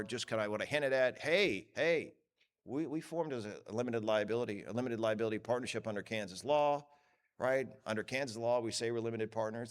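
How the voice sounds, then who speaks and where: A man presents at a professional conference in an easy, joking way. He wanders off into asides and plays out the voices of the people he talks about. He sounds lively and off the cuff rather than read from a script. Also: medium pitch, clean tone. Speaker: conference speaker. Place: conference hall.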